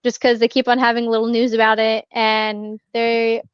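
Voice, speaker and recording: A laid-back woman co-hosting a pop-culture podcast, with a smooth, fairly high voice. She talks loosely, full of "um" and "like", and swears casually. The recording is dry and a little dull in tone. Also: completely flat delivery, moderate pace, dry recording. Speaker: podcast co-host. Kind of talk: casual chat.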